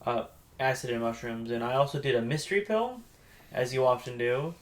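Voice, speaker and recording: A man's voice: medium pitch, fairly quick. A man co-hosting a podcast, chatting casually with crude jokes. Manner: crude, joking. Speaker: podcast co-host. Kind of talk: casual chat.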